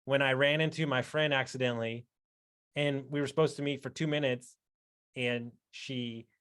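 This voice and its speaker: A man hosting a podcast in a casual conversation, telling stories loudly and emphatically, swearing freely. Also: medium pitch, fairly even intonation, normal speed, smooth. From Texas. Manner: loud, emphatic storyteller who swears freely. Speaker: podcast host.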